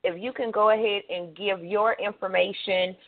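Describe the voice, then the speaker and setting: A woman's voice: mid-range voice, steady tone, moderate pace. A woman from Louisiana with a Louisiana accent, hosting a casual call-in radio talk show in a chatty, affirming way. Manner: affirming, chatty, lots of mm-hmms. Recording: tinny phone line.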